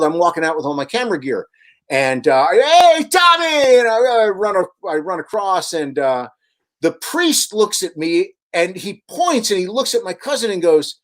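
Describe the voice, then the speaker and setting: A man, a radio host and author, guesting on a radio show and telling long, animated anecdotes with many restarts. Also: high voice. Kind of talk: storytelling in a radio interview.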